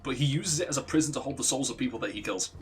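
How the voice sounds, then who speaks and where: A man's voice: mid-range voice, racing, a little hiss or hum. A man, a let's play streamer, casually telling a rambling, profane story while gaming and laughing at his own jokes.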